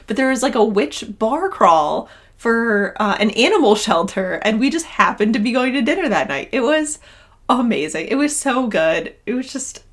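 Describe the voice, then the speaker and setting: A woman's voice: fairly high pitch, very animated, normal speed. Chatty young woman vlogger, gushing, casual and unscripted. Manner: gushing, chatty, rambling with restarts. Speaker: knitting vlogger and yarn dyer. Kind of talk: casual vlog chat.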